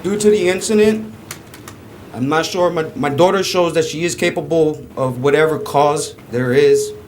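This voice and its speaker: A man speaking at a bond hearing in a courtroom, halting and searching for words. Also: on the high side, a little hiss or hum. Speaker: family member speaking at a hearing.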